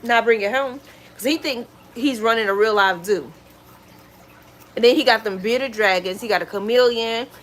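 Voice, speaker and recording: A woman vlogger chatting casually at home, retelling stories in an animated, exclaiming way. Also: fairly high pitch, moderate pace, a little hiss or hum. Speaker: lifestyle vlogger. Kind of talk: casual storytelling chat.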